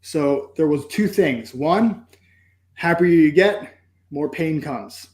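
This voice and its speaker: An earnest man with a higher voice speaks in an echoey room, expressive and slow, with a darkish tone. He's an entrepreneur appearing as a podcast guest, telling an emotional personal story reflectively and acting out his inner dialogue with "I'm like."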